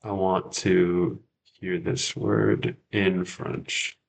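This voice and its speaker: A man's voice: deep voice, level tone, drawn-out words, gravelly. A man hosting a casual livestream study session, thinking aloud and repeating words as he checks himself. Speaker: French learner and livestream host.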